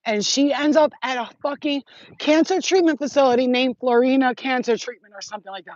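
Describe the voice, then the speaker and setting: A woman talking as a spiritual healer in a rambling, animated and profane livestream monologue. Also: high-pitched, a little fast, dry recording, dull audio.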